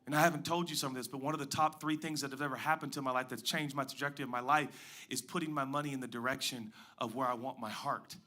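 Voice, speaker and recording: Guy preaching a sermon, really bright ringing voice, goes loud then drops to almost a whisper. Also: fairly even intonation, fast. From Pacific Northwest. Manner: dynamic preaching, swings from loud emphatic highs to hushed low asides. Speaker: pastor.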